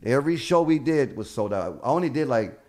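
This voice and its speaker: Speaking briskly at a medium pitch, a comedian on a casual chat spins animated stories, voicing the people he quotes and cursing without restraint.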